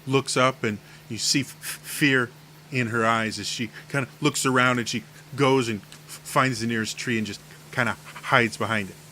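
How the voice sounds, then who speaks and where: A man's voice: medium pitch, fairly even intonation, normal speed, sharp tone, a little hiss or hum. A man narrating a tabletop game as game master, stammering often on the first sounds of words.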